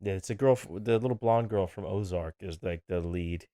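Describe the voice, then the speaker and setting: A man's voice: low-pitched, moderate pace, warm tone, dry recording, clean studio sound. A man co-hosting a podcast, chatting casually and joking with his partner. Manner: laid-back, joking. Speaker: podcast co-host. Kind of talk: casual chat.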